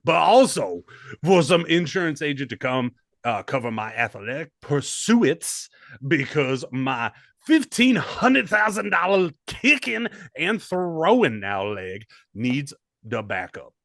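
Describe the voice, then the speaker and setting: A man's voice: on the high side, slow, vocal fry, no room sound, studio quality. A man co-hosting a comedy podcast, joking and swearing in casual chat. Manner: animated, profane, joking. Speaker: podcast co-host.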